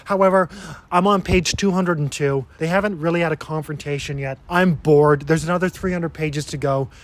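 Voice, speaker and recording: Guy with a slightly high voice ranting about a book, sarcastic and fed up. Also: steady tone, moderate pace. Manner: sarcastic, exasperated. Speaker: book reviewer. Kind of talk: casual review.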